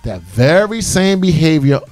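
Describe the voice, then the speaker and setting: A man's voice: on the high side, very animated, a little slow, a little mellow, soft background music. A man hosting a call-in radio talk show, speaking passionately and preaching with lots of repeated emphasis.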